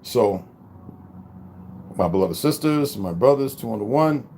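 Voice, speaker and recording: A man casually telling his viewers a story, swearing constantly and calling them y'all in an animated, rambling way. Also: medium pitch, unhurried, slight background noise. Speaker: vlogger.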